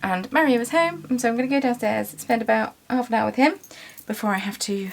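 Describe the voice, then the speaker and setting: A woman's voice: medium pitch, fast, vocal fry, hardly any pauses. A woman running a small craft business, talking in a chatty, rambling way with lots of ums in a casual vlog. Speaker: small business owner and vlogger.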